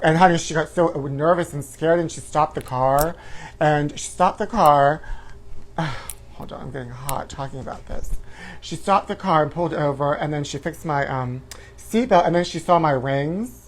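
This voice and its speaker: A man hosting a live-stream chat show, campy and flamboyant, calling viewers honey and letting out shrill woos. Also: moderate pace. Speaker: host.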